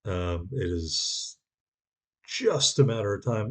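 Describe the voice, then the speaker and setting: A man's voice: lowish voice, expressive, slow. A man giving a sarcastic, wry voice-over commentary on his own gameplay.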